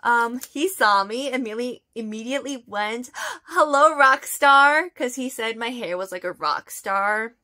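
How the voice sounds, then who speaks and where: A young woman vlogging, retelling a story in a chatty, animated way with lots of fillers. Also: a little high, moderate pace, few pauses. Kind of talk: casual storytime vlog.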